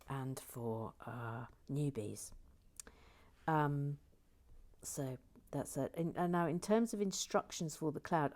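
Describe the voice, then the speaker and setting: A woman with a slightly low voice chats casually to her livestream viewers as she builds. She rambles, restarts her sentences, and often drops to a quiet murmur. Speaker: livestream host building LEGO sets.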